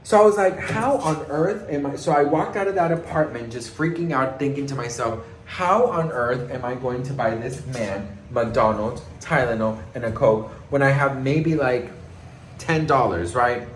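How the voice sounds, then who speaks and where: Speaking at normal speed and medium pitch, this man dishes celebrity gossip dramatically and sassily, addressing his audience as "girl" and "best friend" and performing quotes loudly. The echoey room carries faint ambience and slight background noise.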